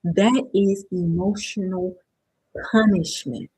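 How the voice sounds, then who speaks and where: A woman's voice: medium pitch, fairly even intonation, slow pace, a little mellow, husky, no room sound, poor audio. A woman hosting a live-stream motivational workshop, talking conversationally and often checking in with her viewers with "right?". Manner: conversational, keeps asking "right?" to the chat; addresses viewers directly and checks they understand. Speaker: workshop host.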